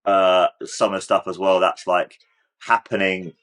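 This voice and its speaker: A man's voice: low voice, flat delivery, a little slow, fairly bright tone. A man hosting a casual reaction video, talking in a rambling, enthusiastic way with lots of "like" fillers. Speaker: host of a reaction channel.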